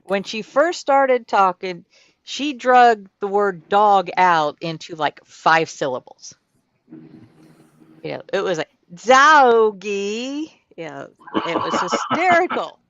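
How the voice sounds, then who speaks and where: A woman's voice: medium pitch, big pitch swings, slow, dry recording. A woman who tells amused anecdotes about her daughter in a casual group chat. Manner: amused, laughing storyteller. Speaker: panelist, mother. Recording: dry, dull lo-fi audio.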